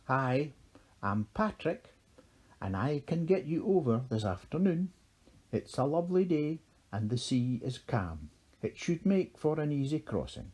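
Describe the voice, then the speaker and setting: A friendly, chatty porpoise, as a male narrator puts him on, cheerful and easygoing. The voice is husky and mellow. It is a storybook reading. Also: medium pitch, sing-song, unhurried.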